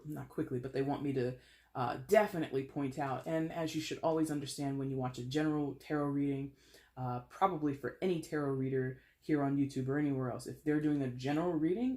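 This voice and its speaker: Chatty woman giving a tarot reading. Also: deep voice. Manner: chatty, animated, laughs and plays with voices. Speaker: tarot reader. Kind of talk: casual tarot reading to camera.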